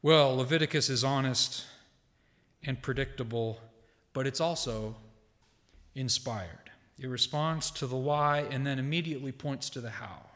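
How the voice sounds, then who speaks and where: A man preaching a sermon from a church pulpit, measured and deliberate, with emphatic quoted lines and casual asides to the congregation. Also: mid-range voice, fairly bright tone. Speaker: pastor. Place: church sanctuary. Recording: long hall reverb.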